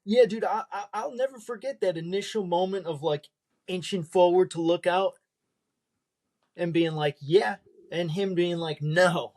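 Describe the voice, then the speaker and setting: A man's voice: sits high, a little slow, darkish tone. A young man as a podcast guest, chatting casually and rambling with many fillers. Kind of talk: casual chat.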